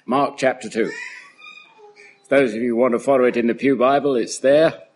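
A man reading a Bible passage aloud at a church service, careful and unhurried. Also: mid-range voice, steady tone. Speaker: Bible reader.

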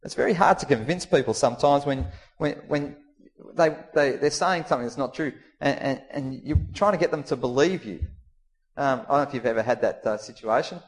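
A man's voice: mid-range voice, a little fast. A man with an Australian accent preaching a sermon, who acts out the lines of Jesus and the disciples with his voice rising and falling. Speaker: pastor.

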